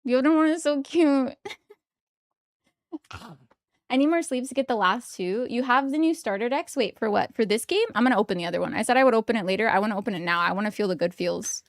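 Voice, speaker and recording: High-voiced, excitable woman streamer. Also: fast talker, no echo, clean studio sound. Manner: excitable and giggly, gushing over cards. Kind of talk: casual live-stream chat while opening trading cards.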